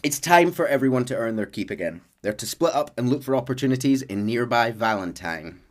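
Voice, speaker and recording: A man's voice: medium pitch, lively intonation, fairly quick. A man hosting a podcast, recapping a video game's story in a chatty, casual way with fillers. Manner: chatty with frequent fillers and laughs. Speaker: podcast host. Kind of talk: casual lore recap chat.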